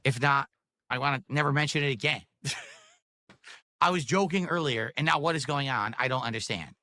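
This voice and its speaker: A man's voice: mid-range voice, brisk, sharp tone, no echo. A man livestreaming, talking earnestly and a bit preachily to his viewers, his voice wavering with emotion. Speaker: livestreamer reading tips.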